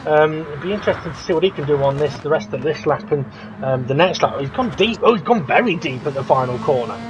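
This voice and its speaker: Man, race commentator, excitable, laughs a lot, fairly high voice, dull lo-fi sound, noise behind. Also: fast, over music. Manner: excitable, laughs often, rises sharply at incidents. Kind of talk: sim racing commentary. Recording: dull lo-fi audio with clear background noise.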